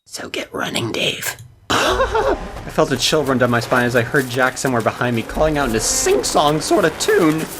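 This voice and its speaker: A woman reading a story game aloud and reacting with excited, disbelieving exclamations. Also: low-pitched, normal speed, faint music behind. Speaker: game streamer.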